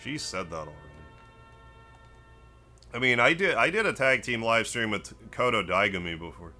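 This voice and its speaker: A man's voice: mid-range voice, moderate pace, long pauses, soft background music. A man streaming a game, chatting casually, greeting viewers and musing aloud as he plays. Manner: relaxed, rambling, greets chat, muses aloud. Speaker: gaming live streamer. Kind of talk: casual gameplay stream chat.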